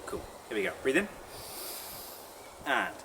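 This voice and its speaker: A young man leading a guided vocal warm-up, chatty and encouraging. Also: medium pitch, very animated, a little slow. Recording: distant mic with audible noise.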